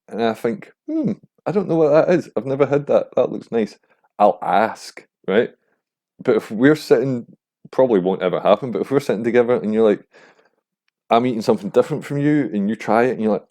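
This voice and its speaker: A young man hosting a podcast, rambling casually and swearing, getting animated when he mimics other people. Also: fairly low pitch. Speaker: podcast host. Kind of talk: casual monologue.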